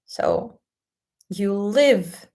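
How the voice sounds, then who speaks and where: A woman hosting a casual spell-craft tutorial, explaining things in a gentle, unhurried way. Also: mid-range voice, wildly swooping pitch. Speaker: spiritual content host.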